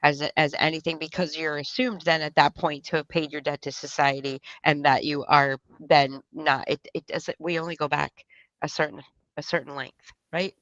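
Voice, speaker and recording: A woman's voice: deep voice, fairly even intonation, a bit bright, no echo, lo-fi sound. A woman co-hosting a talk radio show, explaining her point with frequent restarts. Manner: halting, restarts while explaining. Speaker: radio co-host.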